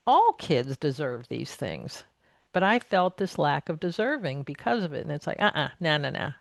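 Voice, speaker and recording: A middle-aged woman in a conversational interview, speaking with a gravelly, fry-edged voice. She is reflective and emphatic, circling back to restate her points. The sound is close and dry, with no room around it. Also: low voice, no room sound. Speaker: podcast guest, narrative coach.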